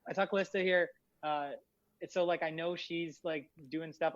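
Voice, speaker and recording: A man's voice: on the high side, fairly even intonation, normal speed. A man hosting a podcast, chatting casually, rambling and hyped, with many fillers. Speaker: podcast host. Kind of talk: casual chat. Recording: dull lo-fi audio.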